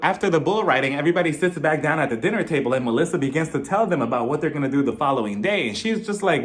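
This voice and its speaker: A man giving a casual, gossipy recap of a reality TV episode, animated and often laughing. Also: on the high side, quick pace, hardly any pauses. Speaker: TV show reviewer.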